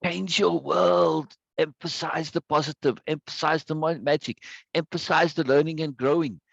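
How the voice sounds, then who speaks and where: A man's voice: a little high, steady tone, normal speed, gravelly, fairly bright tone, dry recording, lo-fi sound. A man teaching a live online self-help course, stressing points by repeating words and reading viewers' chat aloud. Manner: greets viewers by name from chat.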